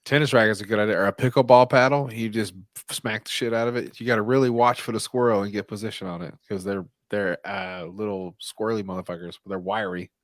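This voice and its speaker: A man's voice: steady tone, fast talker, few pauses, no echo. A man co-hosting a casual livestream podcast, bantering with crude jokes. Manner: crude joking banter, swinging pitch. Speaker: podcast co-host.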